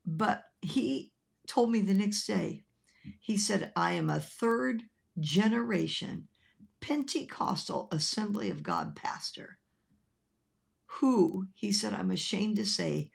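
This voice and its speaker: A woman evangelist preaching a broadcast sermon, telling a story with animated quoted voices. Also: medium pitch, slow pace, gravelly, slightly rough. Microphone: filmed by an assistant.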